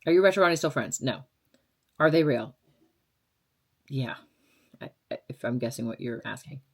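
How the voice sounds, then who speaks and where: A woman's voice: a bass voice, expressive, normal speed. Young woman vlogger, twenties, blunt and sarcastic, casual chatty Q&A delivery. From Las Vegas. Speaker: radio DJ and vlogger. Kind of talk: casual chat answering viewer questions.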